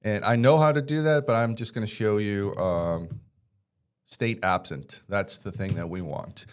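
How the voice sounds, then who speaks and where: A man's voice: fairly low pitch, a little slow, smooth. A man teaching a casual screen-share tutorial, chatty and joking, with rambling asides. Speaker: tech instructor.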